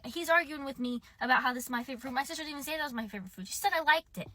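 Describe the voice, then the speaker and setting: A woman's voice: sits high, racing, sharp tone. A young woman telling a casual storytime, chatty and exasperated, often acting out the lines of the people in it.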